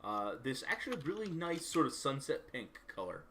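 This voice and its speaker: A man's voice: mid-range voice, very animated, moderate pace, pushed and bright, slight background noise. Man running a tabletop game. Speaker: game master.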